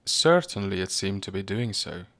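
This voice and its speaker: A man voicing a calm, gently stubborn male priest in a storybook reading. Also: low-pitched, normal speed, no echo. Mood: gentle, firm. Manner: gentle obstinacy.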